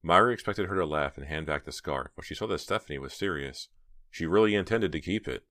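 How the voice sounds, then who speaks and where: Man reading an audiobook, extremely low voice, steady and measured, dry close sound. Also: dry recording. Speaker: audiobook narrator. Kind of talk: scripted narration.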